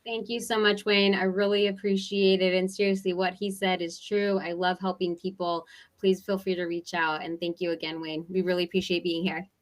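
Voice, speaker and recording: A woman chatting as a guest on a webinar over a video call, bubbly and quick to laugh. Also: fairly low pitch, flat delivery. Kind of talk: casual webinar chat.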